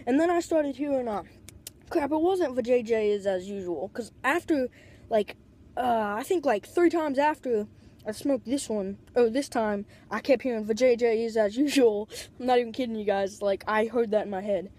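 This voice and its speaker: A woman with a slightly high, mellow voice tells a loose, wandering story straight into a tablet. She leans on "like" constantly and swears without a second thought. The sound is close and plain. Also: normal speed. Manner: rambling, constant "like" fillers, swears freely. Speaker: vlogger. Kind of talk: casual storytelling.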